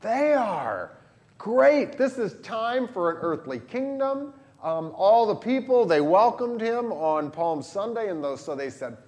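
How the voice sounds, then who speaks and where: A pastor with a Southern Illinois accent, leading a lively catechism lesson for children and adults and quizzing the class. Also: male voice, high-pitched, a little slow. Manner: animated, asks the class questions.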